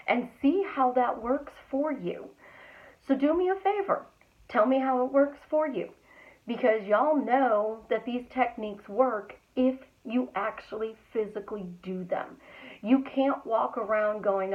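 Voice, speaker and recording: A woman's voice: fairly high pitch, unhurried. A middle-aged woman hosting a podcast, giving an upbeat motivational talk and stretching out her words for emphasis. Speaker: podcast host and manifesting coach. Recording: tinny phone-like audio.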